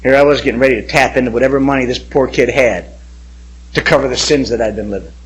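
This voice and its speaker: Speaking at a quick pace in a mid-range voice, this middle-aged pastor tells his own testimony animatedly. He performs the voices of anyone he quotes.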